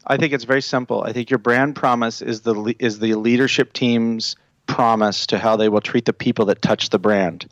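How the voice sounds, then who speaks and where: A man who works as a branding consultant, explaining his ideas with confidence in a relaxed podcast chat, walking through points one by one. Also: mid-range voice, moderate pace, dry recording, muffled recording. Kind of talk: casual podcast conversation.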